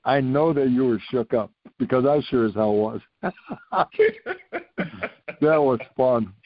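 A man's voice: medium pitch, normal speed, muffled recording. An older man, a retired coach, telling stories animatedly in a casual interview, repeating phrases for emphasis. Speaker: retired coach, podcast guest.

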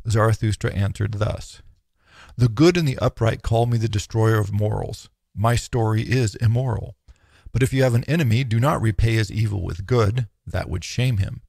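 Gravelly low-voiced male narrator, solemn. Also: darkish tone, no echo, clean studio sound. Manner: measured, solemn declamation. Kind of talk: audiobook reading of philosophy.

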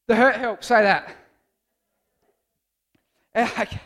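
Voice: medium pitch, a little slow, long pauses, a bit bright. Playful youth speaker. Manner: playful, rambling, jokey. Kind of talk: casual youth sermon.

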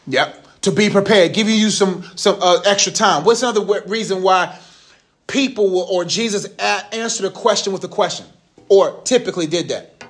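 Man, 30s, high voice, casual youth Bible lesson, slangy, joking, asks the group questions. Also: normal speed.

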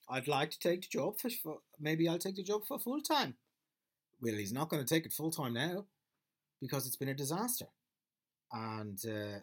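A man's voice: on the high side, breathy edge. A man talking through a casual monologue as a podcast host, rambling and swearing freely, with plenty of fillers and restarts.

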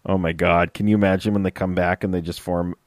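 A man's voice: low voice, little pitch movement, quick pace, darkish tone, no room sound, clean studio sound. A young man co-hosting a casual podcast, reading listener questions aloud in an easygoing way. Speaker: podcast co-host. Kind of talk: casual chat.

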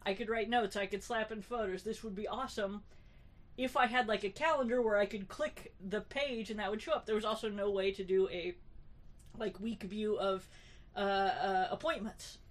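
A woman's voice: mid-range voice, fairly even intonation, normal speed. A woman co-hosting a podcast in casual chat, wry and talkative, with many fillers and restarts. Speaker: podcast co-host.

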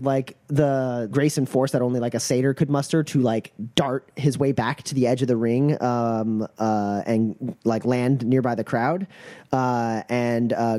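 A man narrating a tabletop role-playing game as game master, pausing often with "uh" and "like". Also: mid-range voice, mellow. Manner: hesitant, full of "uh" and "like".

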